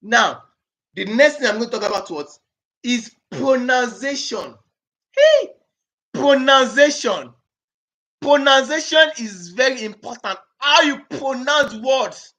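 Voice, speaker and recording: A man's voice: extremely high pitch, measured pace, sharp tone. A man with a Nigerian accent, an exam-prep tutor teaching a lesson. He repeats key phrases and throws questions back at the listeners to check they follow. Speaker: IELTS speaking tutor. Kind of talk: classroom lesson with call-and-response.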